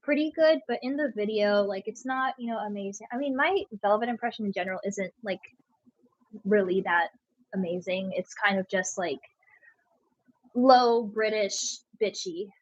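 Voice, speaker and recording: A young woman from Puerto Rico, of Puerto Rican background, guests on a casual livestream, rambling and packing her speech with filler words. Her medium-pitched voice is brisk, captured on a dull, dry lo-fi mic.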